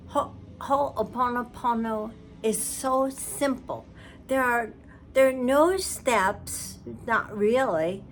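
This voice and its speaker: A woman's voice: mid-range voice, a little hiss or hum. A woman giving an earnest spiritual talk, sometimes dropping to a whisper for emphasis. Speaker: spiritual teacher. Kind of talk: slow, heartfelt spiritual talk.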